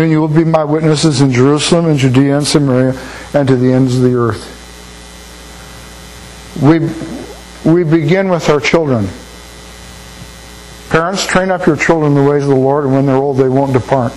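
A man's voice: a little high, a little mellow, poor audio. Older man preaching, folksy and anecdotal. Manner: folksy, anecdotal, repeats words while thinking. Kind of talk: sermon. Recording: faint mains hum.

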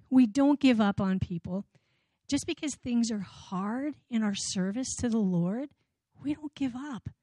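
A woman speaks in church, telling her outreach stories earnestly and repeating key phrases for emphasis. Her voice is mellow and warm, and it sounds close and dry. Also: mid-range voice, no room sound. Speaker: outreach worker giving a testimony. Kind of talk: church testimony.

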